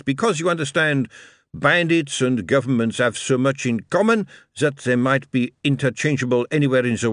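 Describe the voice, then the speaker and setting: A man's voice: medium pitch, fairly bright tone, no echo, pitched above the performer's own voice, close to an everyday voice. A man reading an audiobook, voicing a polite, dry aristocratic marquis with a formal, faintly condescending manner.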